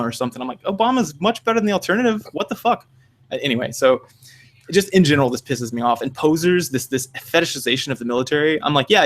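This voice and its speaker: A young man chatting on a podcast, blunt and profane, acting out other people in quick asides. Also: mid-range voice. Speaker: podcast co-host. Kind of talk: casual chat.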